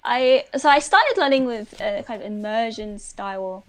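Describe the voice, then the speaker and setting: A woman's voice: a little high, lively intonation, normal speed. Chatty British woman with frequent ums. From United Kingdom. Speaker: guest language learner and university teacher. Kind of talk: casual conversation on a live stream.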